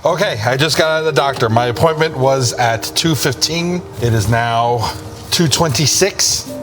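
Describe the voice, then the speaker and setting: A man's voice: medium pitch, moderate pace, music in the background. A man vlogging from his car, rambling with lots of fillers as he talks about a doctor visit. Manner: anxious then relieved, rambling with many fillers. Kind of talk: personal vlog, talking to camera.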